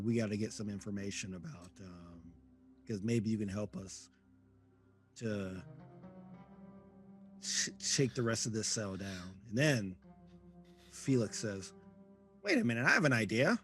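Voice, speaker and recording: Low-voiced man running a tabletop game. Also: faint music behind. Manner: halting, full of ums and restarts. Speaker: game master.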